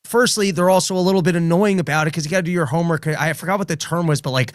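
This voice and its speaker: A man co-hosting a political talk show, reasoning through his point in a measured way. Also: on the high side, dry recording, clean studio sound. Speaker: podcast co-host, comedian. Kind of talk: casual political commentary.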